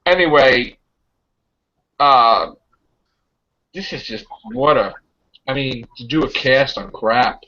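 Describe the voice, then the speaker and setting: A man's voice: medium pitch, animated, slow, pauses often, pushed and bright. A man hosting a casual fan podcast, ranting in an exasperated way and mocking what he dislikes. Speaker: podcast host. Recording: muffled lo-fi sound.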